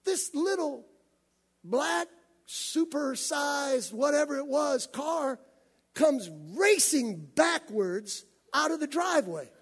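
A man's voice: extremely high pitch, lively intonation, takes it slowly. A man preaching a sermon, telling a story animatedly and acting out the scenes. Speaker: pastor.

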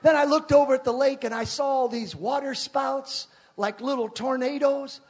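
A pastor preaching a sermon to a church, often shouting out with passion. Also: male voice, extremely high pitch, moderate pace, breathy edge.

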